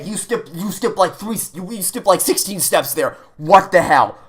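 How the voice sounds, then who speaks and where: A man commentating a let's play, frantic and incredulous, stammering and cursing in loud outbursts. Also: sits high, animated, normal speed, few pauses, breathy edge. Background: game music.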